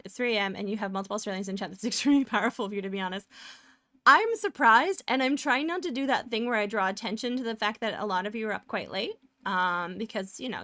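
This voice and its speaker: A woman's voice: mid-range voice, pushed and bright, no echo. Woman streamer chatting while she draws, rambly and giggly, pretty dry close mic. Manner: rambling, self-narrating, laughs often, trails off. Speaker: live streamer. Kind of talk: casual chat while drawing live.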